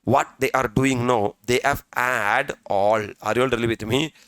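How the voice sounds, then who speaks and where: A man's voice: mid-range voice, steady tone, normal speed, a bit bright, smooth, no echo. A middle-aged man, teaching a classroom lecture in a chatty way, often checking if the class is with him. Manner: chatty, keeps asking "are you with me", says "sir" often. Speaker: CA exam tutor. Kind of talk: classroom lecture with story examples.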